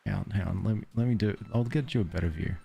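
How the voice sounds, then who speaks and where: A man's voice: lowish voice, rapid-fire, gravelly, dark tone, slightly rough. A man with an Australian accent streaming a game, chatting casually with viewers in a joking, self-deprecating way and laughing often.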